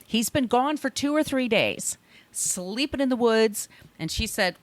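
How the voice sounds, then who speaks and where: A woman's voice: a little high, unhurried, no room sound. A woman co-hosting a podcast, casually recapping a film and acting out the characters' lines. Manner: chatty, acts out characters' lines in quotes. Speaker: podcast co-host.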